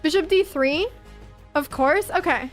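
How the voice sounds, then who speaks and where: A young Swedish woman streams chess, casually commenting over online games and laughing often at her own guesses in a giggly, self-mocking way. Her voice is high and a little slow, with faint music in the background.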